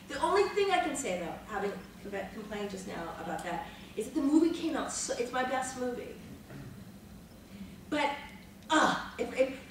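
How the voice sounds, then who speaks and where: A woman in her fifties, an actress on a panel, telling behind-the-scenes stories in a lively, dramatic way, laughing and swearing freely. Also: sits high. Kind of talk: animated anecdotal storytelling. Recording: echoey room, mic far off, noisy.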